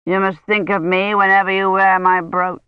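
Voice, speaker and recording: A woman narrator voicing a domineering, menacing medieval knight who speaks slowly and possessively. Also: mid-range voice, level tone, clean tone, dry recording, lightly acted. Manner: slow, possessive, commanding. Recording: dry, dull lo-fi audiobook recording.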